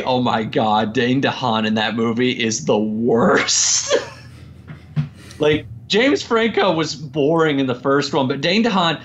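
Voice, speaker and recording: A man in casual podcast chat, ranting about films with lots of energy and laughing as he talks. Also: a little hiss or hum. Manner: animated, laughs often, mimics people in a slow low drawl. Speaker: podcast guest. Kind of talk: casual chat, movie rant. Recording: dull lo-fi audio.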